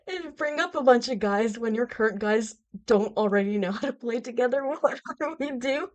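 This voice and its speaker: A woman's voice: on the high side, expressive, moderate pace, darkish tone. A woman hosting a live hockey reaction stream, exclaiming and laughing in alarm as she reacts to team news. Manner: panicked, exclaiming, laughing, repetitive.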